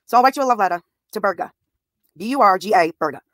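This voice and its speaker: Answering her live chat's comments as they roll in, a woman in her thirties is blunt and profane, talking fast with lively intonation. Her pitch is an ordinary middle register for a woman, and the recording is close and dry with no room echo.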